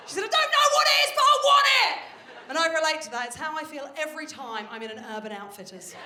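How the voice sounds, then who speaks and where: A woman performing a stand-up comedy set on stage, telling stories in a brash, animated way with plenty of swearing. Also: sits high. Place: stage of a live comedy venue. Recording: roomy live venue with faint noise. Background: audience laughter.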